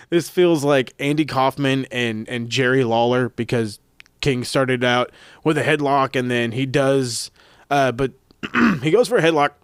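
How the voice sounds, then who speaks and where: A man's voice: medium pitch, a little slow, clear, resonant tone, no room sound, studio quality. A man hosting a podcast, recapping matches in a casual, profane, rambling way that often corrects itself. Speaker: podcast host reviewing wrestling events. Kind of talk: casual chat.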